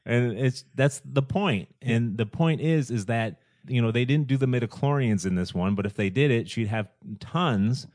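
A man in mid pitch riffs through a casual podcast chat about movies, animated and rambling, stopping and restarting sentences and tossing out rhetorical questions. His voice is recorded close and dry, with no room sound. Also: moderate pace, hardly any pauses, dry recording. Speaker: podcast co-host. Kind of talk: casual film discussion.

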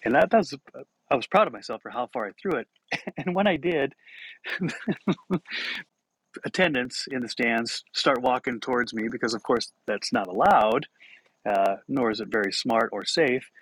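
A man's voice: mid-range voice, moderate pace, a bit bright, a little hiss or hum, poor audio. A middle-aged man hosting a podcast, telling self-mocking stories and laughing through them. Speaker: podcast host. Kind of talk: storytelling monologue.

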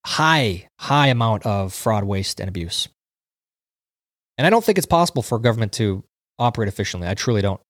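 A man's voice: fairly low pitch, big pitch swings, fairly quick, a bit bright, no room sound, clean studio sound. A man hosting a casual livestream, reading viewer comments aloud and chatting about them. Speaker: livestream host reading chat. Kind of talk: casual chat.

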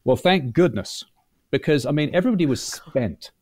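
A man guest telling long, lively anecdotes in a casual interview, acting out quotes as he goes. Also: on the high side, normal speed, dry recording. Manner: chatty, animated storyteller, acts out quotes. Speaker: guest, former reality show butler.

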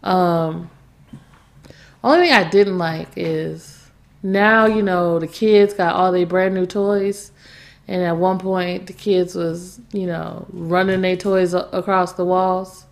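A woman's voice: on the low side, fairly even intonation, slow pace, vocal fry. A woman co-hosting a podcast in casual chat, teasing her partner and laughing often. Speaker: podcast co-host.

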